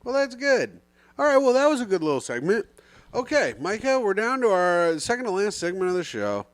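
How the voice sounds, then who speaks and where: A man co-hosting a comedy podcast who brags and throws mock insults in loose banter. His voice sits a little high for a man. The recording is close and dry. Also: very animated, fairly quick, dry recording. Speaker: podcast co-host.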